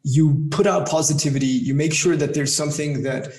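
A man's voice: fairly high pitch, fairly even intonation, brisk, a little mellow. A man hosting an interview, asking long, rambling questions that he often restarts. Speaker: interview host. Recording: echoey room.

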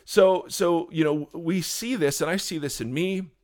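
A man's voice: on the high side, unhurried, darkish tone. A man co-hosting a talk show, explaining faith in an earnest, preachy way with frequent restarts. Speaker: podcast co-host, pastor. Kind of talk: casual conversational teaching.

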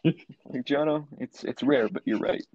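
A man's voice: medium pitch, measured pace, darkish tone, no echo, muffled recording. A man co-hosting a podcast, chiming in with short, teasing remarks in casual chat. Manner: dry, teasing interjections. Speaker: podcast co-host.

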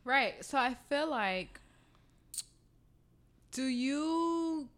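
A young woman co-hosts a casual podcast chat in a bright, lively voice that swings up and down in pitch and sits slightly high. She talks playfully, teasing and tossing in quick jokes and questions.

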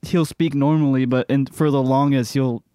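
A man's voice: medium pitch, steady tone, normal speed, dark tone, smooth, dry recording, clean studio sound. A man, a tabletop game player, casually introducing his character, rambling with many fillers.

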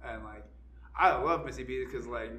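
A man's voice: mid-range voice, moderate pace, sharp tone, roomy sound, a little hiss or hum. A man co-hosting a podcast, telling a story with frequent fillers and laughter. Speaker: podcast co-host. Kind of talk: casual chat, storytelling.

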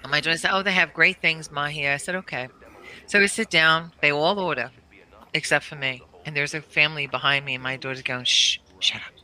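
A woman's voice: low voice, fairly even intonation, fairly quick, bright, forceful tone, rough recording. A middle-aged woman telling a funny family story in casual chat, laughing often. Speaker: guest storyteller, mother.

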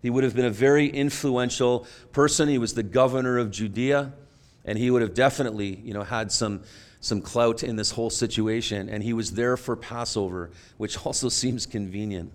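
A man preaching a sermon, retelling a story earnestly and moving between hushed, quiet passages and emphatic ones. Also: medium pitch, moderate pace. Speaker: pastor.

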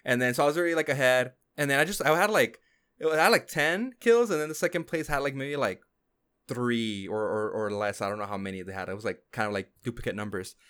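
A man's voice: medium pitch, animated, fast, a bit bright, clean tone. A man co-hosting a gaming podcast, telling a story in casual chat with lots of fillers. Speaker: podcast co-host.

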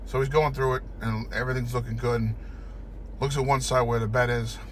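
A man's voice: mid-range voice, steady tone, a little fast, a little hiss or hum. A man in casual chat, telling a rambling story with lots of swearing, recorded in a car. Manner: storytelling with lots of swearing, acts out panicked ant voices. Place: inside a parked car.

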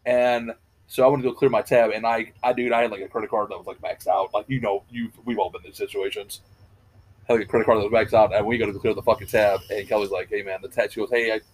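A man's voice: lowish voice, little pitch movement, fast talker, poor audio. A man hosting a podcast in casual chat, telling rambling, profane stories. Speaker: podcast host.

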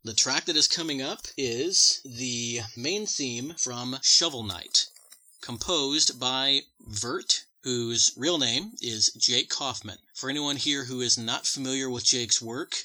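A man's voice: medium pitch, slow pace, pushed and bright, poor audio. A man co-hosting a casual podcast about game music, laid-back and joking, rambling with fillers. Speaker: podcast co-host.

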